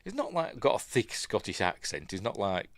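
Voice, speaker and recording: A man with a Yorkshire accent gives a relaxed, rambling film breakdown, drifting into asides. His voice sits fairly low but swings a lot in pitch. The recording is dry and close. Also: normal speed, no room sound. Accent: Yorkshire English. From Yorkshire, England. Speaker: film reviewer. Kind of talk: casual film breakdown commentary.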